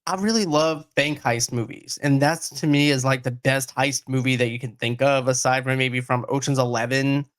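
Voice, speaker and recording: A man's voice: medium pitch, steady tone, normal speed, few pauses, clean tone. A man with a Boston accent hosting a casual movie chat, talking in an enthusiastic, rambling way. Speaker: podcast host.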